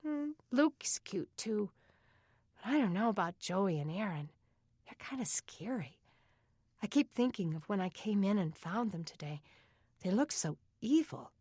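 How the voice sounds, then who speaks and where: A woman voicing a nervous young teenage girl with a soft, breathy, girlish way of talking. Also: mid-range voice, big pitch swings, measured pace, dry recording, clean studio sound, voice pushed up. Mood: hushed.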